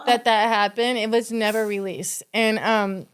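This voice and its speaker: A woman's voice: a little high, unhurried, clear, resonant tone. A woman from Kentucky, a podcast guest, telling a story in casual chat and acting out the people in it. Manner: animated, acts out the people in her story.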